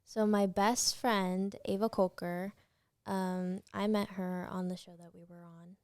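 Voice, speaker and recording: A woman's voice: on the low side, flat delivery, a little slow, darkish tone, dry recording, studio quality. A young woman in her late teens, a guest actress, chatting casually and telling stories with lots of fillers. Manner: chatty storyteller, many fillers. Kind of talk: casual interview chat.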